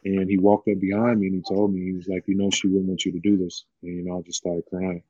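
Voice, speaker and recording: A man's voice: deep voice, little pitch movement, quick pace, mellow, dry recording, highs cut off. A man, a former college basketball player, telling his story in a loose, heartfelt way, full of "you know" fillers. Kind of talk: casual interview storytelling.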